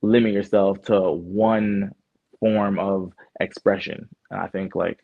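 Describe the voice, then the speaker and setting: Low husky man on a muffled line. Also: level tone, slow, no room sound. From Canada. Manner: laid-back, lots of fillers and restarts. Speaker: guest artist. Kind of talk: casual interview chat. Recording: muffled phone-like sound.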